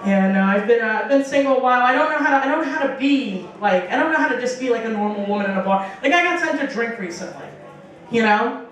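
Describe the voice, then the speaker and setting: This young comic talks fast in a slightly high, animated voice during her set on a small bar stage. She rambles and swears, leans on fillers, and voices other people's lines. The recording is distant and echoey, as in a bar room.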